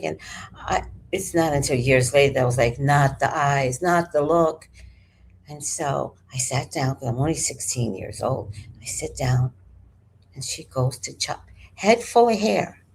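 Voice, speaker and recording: A woman in her forties hosting a livestream, telling stories in a casual, animated way that swings from hushed to loud. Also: low voice, moderate pace, gravelly, a little hiss or hum. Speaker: livestream host. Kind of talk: casual storytelling to a live chat.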